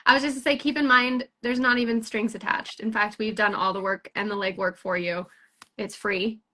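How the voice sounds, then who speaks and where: A woman's voice: medium pitch, steady tone, moderate pace, bright, forceful tone. A woman hosting a casual recruiting chat for a sales team, upbeat and rambling, full of fillers and restarts.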